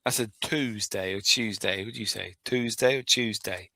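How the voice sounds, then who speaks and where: Bright-toned man chatting casually. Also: lowish voice, a little fast, gravelly, no room sound. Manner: jokey, laughs often, swears freely. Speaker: podcast co-host. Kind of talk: casual chat.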